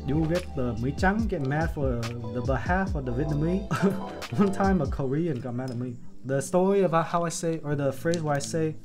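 Casual male streamer, rambling and profane, laughing often, music playing underneath. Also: fairly high pitch. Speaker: keyboard-building streamer. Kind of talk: casual stream chat while building.

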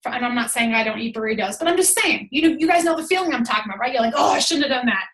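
A woman coaching her team over a call, energetic and emphatic, chatty with lots of "like"s. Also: a little high, very fast, echoey room. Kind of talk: motivational team call talk. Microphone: call audio.

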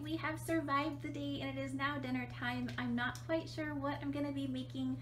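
A woman's voice: high-pitched, level tone, normal speed, few pauses, noisy background. A young woman with a cold, chatting in a bubbly, giggly way as she vlogs at home. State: has a cold. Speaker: vlogger and streamer. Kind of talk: casual vlog chat. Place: home kitchen and computer desk.

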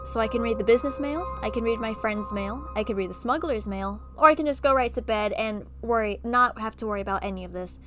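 A woman with a somewhat high voice reads an interactive horror story game aloud. She often breaks into lively, chatty asides. Soft music plays faintly behind her. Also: fast talker, few pauses. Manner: animated, chatty asides between narration. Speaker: gaming video creator.

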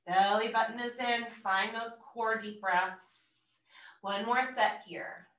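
A woman instructor calmly cueing a floor workout, breathing out between counts with steady encouragement. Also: on the high side, slow pace. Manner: calm, encouraging cueing with audible exertion breaths. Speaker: fitness instructor. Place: room at home, exercising on the floor. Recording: roomy, distant from the mic.

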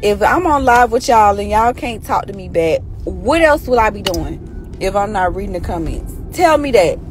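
Hoarse chatty woman livestreaming from a car. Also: medium pitch, expressive, moderate pace, over music. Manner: chatty, teasing, scolding her followers. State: hoarse, lost her voice. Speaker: social media personality on a live stream. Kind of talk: casual live-stream chat. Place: inside a car at night.

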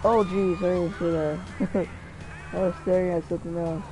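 Playing alone, this man narrates his gameplay excitably, mumbling and swearing at the game. He has a high voice at normal speed, and background noise can be heard.

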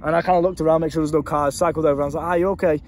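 A man's voice: on the high side, little pitch movement, very fast, a little hiss or hum. A young British man and life coach, talking casually to a handheld camera, swearing freely and rambling.

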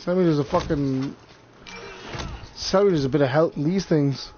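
A man's voice: a little high, normal speed, warm tone, muffled recording, a little hiss or hum. A young man doing casual gameplay commentary, crude and sweary, laughing often as he jokes. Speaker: gamer.

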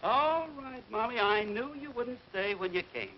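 A man's voice: very high-pitched, expressive, moderate pace. A blustery stubborn father. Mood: flustered. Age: middle-aged. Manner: blustery, fussing, comic exasperation. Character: stubborn middle-aged family man obsessed with land. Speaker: father and husband. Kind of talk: 1940s film comedy acting. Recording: dull 1940s film soundtrack with faint hiss.

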